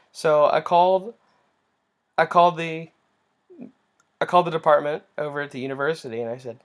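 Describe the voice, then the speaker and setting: A young man getting over a cold, giving an earnest, halting personal faith testimony with many restarts. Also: a little high, fairly even intonation. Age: young adult.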